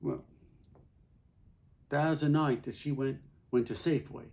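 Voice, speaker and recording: A man performing a theatrical monologue as a plain-spoken husband, folksy and halting, with many repeats. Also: medium pitch, fairly even intonation, a little mellow. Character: Carl, plain-spoken middle-aged husband.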